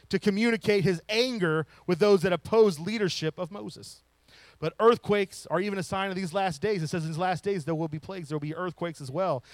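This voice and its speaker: A man preaching a sermon, rising to loud emphatic lines and falling to soft hushed ones. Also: sits high, no room sound. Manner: drops to a whisper to show a still small voice.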